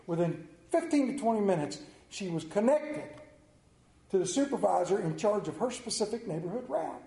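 A man's voice: high voice, lively intonation, moderate pace, creaky, dark tone, reverberant. A man preaching a sermon in a church, telling a folksy story and asking the congregation questions. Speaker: pastor. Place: church sanctuary.

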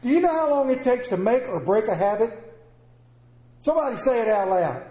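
Folksy high-voiced preacher, echoey room. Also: male voice, expressive, brisk, mellow. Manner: folksy, conversational preaching with quoted asides. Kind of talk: sermon.

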